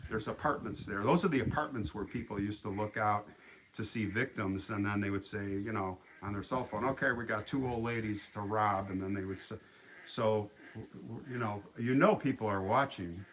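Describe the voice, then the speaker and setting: Livestream host, lower-pitched man, casual animated storyteller. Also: normal speed, slight background noise. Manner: animated, acts out quotes, frequent restarts.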